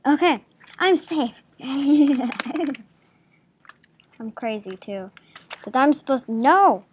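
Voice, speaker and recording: A woman's voice: high-pitched, lively intonation, slow, a little mellow, a little hiss or hum. A woman hosting a gaming channel, giving playful, giggly gameplay commentary at her home computer and chatting to the game's creatures.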